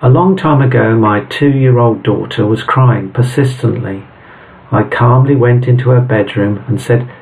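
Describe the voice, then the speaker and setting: A middle-aged man delivers a short devotional talk at an unhurried, deliberate pace. His voice has a gravelly edge, and his manner is measured and reflective. The mic sits a little way off from him. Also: mid-range voice, darkish tone. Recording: voice a bit far from the mic.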